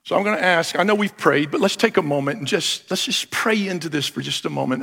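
Middle-aged pastor guy preaching, high bright voice, goes loud then hushed, long echo off a big church hall. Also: fast talker, creaky, few pauses, husky. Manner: storytelling, swings between loud bursts and hushed asides. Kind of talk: sermon with scripture reading and prayer. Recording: long reverb of a large hall.

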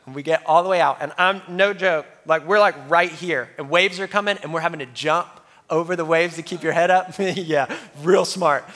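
Man, pastor, sermon story, self-mocking laughs, slightly high voice, long reverb. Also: moderate pace, few pauses. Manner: animated storyteller, laughs at himself.

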